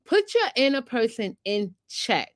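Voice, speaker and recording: A woman's voice: fairly high pitch, sing-song, measured pace, no echo, studio quality. Chatty encouraging woman podcast host. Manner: encouraging, chatty, calls listener honey and girlfriend. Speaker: podcast host and weight-loss coach. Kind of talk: motivational podcast talk.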